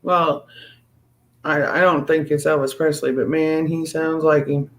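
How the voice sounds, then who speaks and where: A high-pitched man chatting casually as host of a live stream. He talks in an excitable, rambling way, tripping over his words and restarting his sentences. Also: a little slow. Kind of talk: casual chat.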